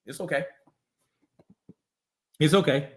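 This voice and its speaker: A man's voice: a little high, takes it slowly. A man hosting a livestream, reacting to a clip with profane, mocking casual commentary. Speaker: livestream host.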